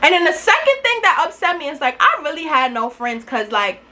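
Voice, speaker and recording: A young woman telling a casual storytime, animated, emphatic and full of profanity. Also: high voice, a little fast, a little hiss or hum. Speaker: vlogger.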